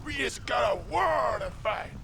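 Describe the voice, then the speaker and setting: An actor playing a gruff male army officer who recruits soldiers and barks orders, heard as game audio over music. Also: very high-pitched, animated, unhurried, pushed and bright, shouting, slight background noise, exaggerated voice, low-quality recording. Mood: barking.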